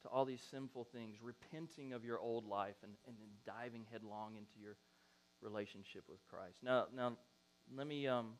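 A man's voice: mid-range voice, moderate pace. A middle-aged man preaching a sermon, telling stories animatedly and acting out quotes. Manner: animated storytelling, acts out quotes. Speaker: pastor.

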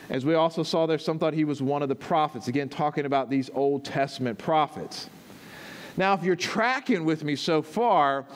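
High-voiced man preaching a teaching sermon. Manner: explains step by step and checks in with listeners. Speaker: pastor.

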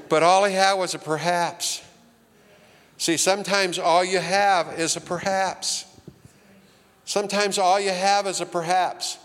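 A man's voice: high-pitched, steady tone, a little slow, fairly bright tone. An older man preaching a sermon with folksy, humorous storytelling and acted-out voices in a church auditorium. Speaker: pastor. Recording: reverberant hall.

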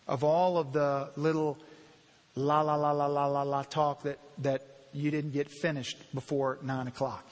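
A man preaching a conversational sermon as pastor, heartfelt and confessional, rising into emphatic bursts. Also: a little high. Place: church sanctuary. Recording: long church reverb.

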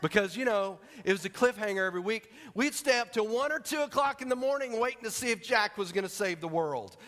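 A man preaching a sermon, telling a story in an animated way and acting out its scenes. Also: sits high, quick pace. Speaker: pastor. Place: church sanctuary. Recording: long hall reverb.

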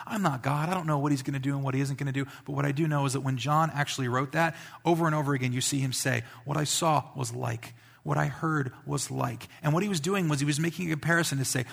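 A male pastor giving a conversational sermon, building to emphatic peaks and dropping to quiet asides. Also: fairly high pitch, creaky, breathy edge.

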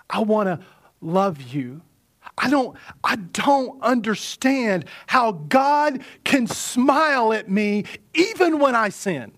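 Earnest male pastor preaching slowly. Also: sits high, sing-song, a bit bright. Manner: earnest preaching, repeats phrases for emphasis, drops to near whispers. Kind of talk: sermon.

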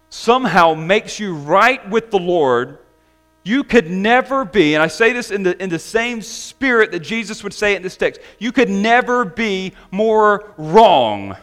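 A man preaching a sermon to his congregation, emphatic and slowing down to stress key words. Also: a little high, fairly bright tone. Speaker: pastor.

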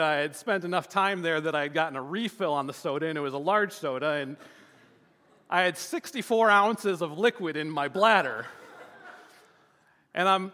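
A man's voice: high-pitched, pushed and bright. A man in his thirties telling a family anecdote in a loose, rambling way, with lots of fillers and restarts. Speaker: father telling a family story. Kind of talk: casual personal storytelling. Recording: long reverb, hall-like.

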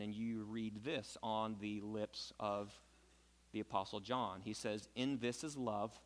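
A man preaching a sermon, moving between quiet explanation and loud, emphatic passages. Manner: swings from soft low explaining to loud high emphatic preaching. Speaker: pastor.

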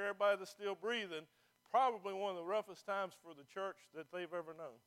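A man with a notably high voice delivers a sermon as pastor. He preaches with emphasis, pressing the congregation with rhetorical questions. He is speaking to people seated in a church. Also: steady tone, fast, a bit bright, smooth.

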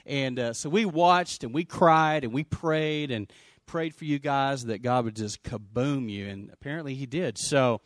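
A man pastoring a church service, energetic and joking as he calls people up to share. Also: mid-range voice, unhurried, no room sound, studio quality. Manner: energetic, joking, shouts out to the congregation. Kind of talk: sermon.

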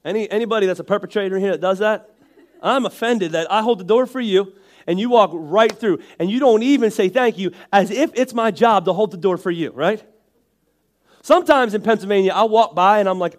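High-voiced nasal Northeastern American preacher. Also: male voice, fast talker. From Northeastern United States. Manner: conversational and joking, with frequent restarts and asides. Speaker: pastor. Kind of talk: sermon.

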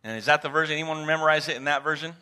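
Pastor guy preaching, bright tone, asks the crowd stuff, gets dramatic. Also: a little high, racing, clean tone. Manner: conversational, asks the congregation questions, repeats words; animated, dramatic emphasis. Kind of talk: sermon. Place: church sanctuary.

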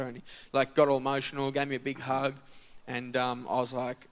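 A man speaking fast at medium pitch shares a church testimony in a casual manner. Lively as he narrates, he acts out what each person said.

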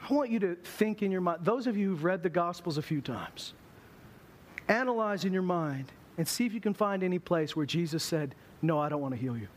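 A man's voice: high-pitched, animated, normal speed, a little hiss or hum. A man preaching a sermon in a church, telling stories with humor and acting out voices. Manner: humorous storytelling, acts out voices. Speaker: pastor.

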